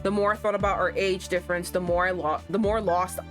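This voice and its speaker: A woman's voice: on the low side, fairly even intonation, a little fast, faint music behind. A young woman streaming a game, chatting casually, swearing freely and reading the story text aloud. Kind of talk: casual gameplay commentary.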